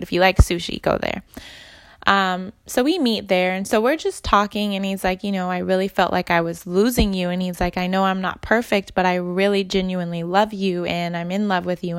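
A woman telling a personal dating story to her viewers in a chatty, animated way, acting out what others said. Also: mid-range voice, creaky, dry recording. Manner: chatty, animated, quoting others with lively voices. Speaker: vlogger.

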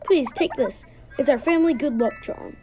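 A woman voicing a frantic, worried mother in a video game, pleading and high-strung. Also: normal speed, over music, close to an everyday voice. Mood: grateful.

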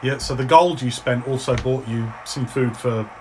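Brief: male game master, easygoing rambling narrator, average pitch, noisy home recording. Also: normal speed. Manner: relaxed, meandering narration with frequent restarts.

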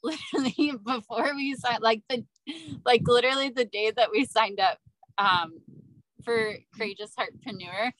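A woman's voice: fairly high pitch, moderate pace, fairly bright tone, dry recording, poor audio. Hesitant woman guest, dry sound. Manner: hesitant, many likes and restarts. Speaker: guest, ministry business co-founder. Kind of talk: casual podcast chat.

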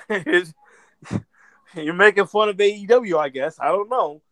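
A man's voice: high voice, measured pace, fairly bright tone, dry recording. A man co-hosting a casual wrestling podcast, talking animatedly with heavy profanity and mocking impressions. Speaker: podcast co-host.

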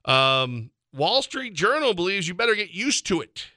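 A man's voice: high voice, very animated, pushed and bright, no room sound. A man hosting a sports talk radio show, joking and chatting casually with a co-host. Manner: joking, quick, laughs often.

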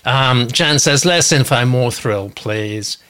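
Bright-voiced host reading comments. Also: male voice, mid-range voice, smooth. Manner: reads out viewer comments with quick asides. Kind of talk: casual live-stream chat.

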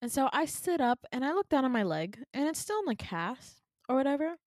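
A young woman, a podcast host, telling a dream story in a chatty, animated way. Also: high-pitched, brisk, no echo, studio quality. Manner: chatty and animated, with frequent fillers and laughter.

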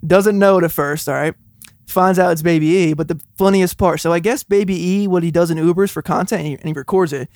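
A young man in a casual music podcast, rambling through a funny story with frequent laughs. His voice sits a little high, and the sound is dry and close. He reviews songs in loose, easygoing talk. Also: steady tone, fast talker, darkish tone, dry recording. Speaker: podcast co-host.

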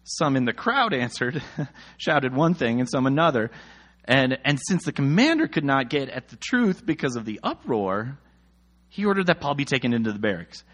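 Man, thirties, lively swooping delivery; casual scripture reading with comic, exasperated commentary. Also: mid-range voice, moderate pace. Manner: animated, jokey, exasperated asides.

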